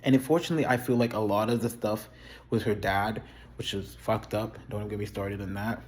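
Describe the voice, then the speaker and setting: Low-voiced man, blunt and rambling. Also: steady tone, a little fast. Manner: candid, rambling, profane, blunt opinions. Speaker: video creator reviewing a TV show. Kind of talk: casual chat.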